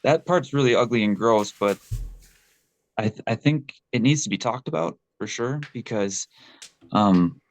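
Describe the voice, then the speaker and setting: This man speaks with a medium pitch, animated yet a little slow. A former pole vaulter guesting in a casual interview, he talks candidly and with feeling, swearing freely and often restarting his sentences.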